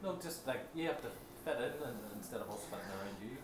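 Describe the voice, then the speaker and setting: A man from Northern Ireland with a Northern Irish accent, chiming in with quiet, dry interjections in casual chat. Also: medium pitch, expressive, fast talker. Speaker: vlogger's husband.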